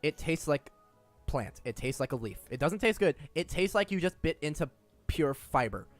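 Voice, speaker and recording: A man's voice: a little high, animated, moderate pace, faint music behind. A man running a tabletop game as game master, describing scenes in a chatty, casually profane way with many restarts.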